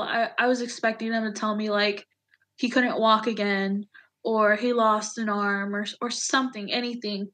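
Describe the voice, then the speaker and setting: A woman in her thirties, an Army veteran, telling a personal story in an interview in a halting, emotional way, full of fillers and restarts. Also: medium pitch, a bit bright.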